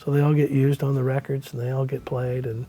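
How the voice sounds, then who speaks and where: An older man, telling stories in a relaxed, folksy way as an interview guest. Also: mid-range voice, brisk. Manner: relaxed storyteller, folksy with many "you know"s. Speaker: country musician, interview guest. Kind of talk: storytelling in a casual interview.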